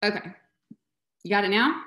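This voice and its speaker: A woman's voice: medium pitch, expressive, moderate pace, a bit bright, roomy sound. A woman presenting on a video call in a casual, heartfelt way, sometimes getting choked up. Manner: emotional, chokes up at times. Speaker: webinar presenter.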